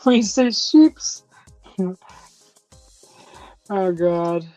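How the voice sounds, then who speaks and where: A woman's voice: medium pitch, slow pace, a little mellow, dry recording, soft background music, rough recording. A woman hosting a casual live chat from her home kitchen, chatty and teasing, laughing often as she reads viewer comments. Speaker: host of a live chat stream.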